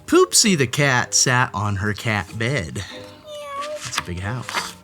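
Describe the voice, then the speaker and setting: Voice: medium pitch, sing-song, takes it slowly, over music. Playful, wildly sing-song storybook narrator. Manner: playful, theatrical, talks directly to the story's cat. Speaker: storybook read-aloud host. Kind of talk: expressive children's story narration.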